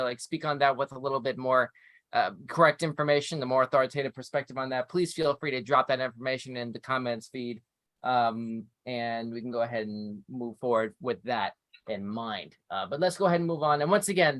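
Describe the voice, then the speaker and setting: A man's voice: mid-range voice, fairly bright tone, no room sound. A man hosting a live news review show, reading articles aloud with chatty asides. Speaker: show host.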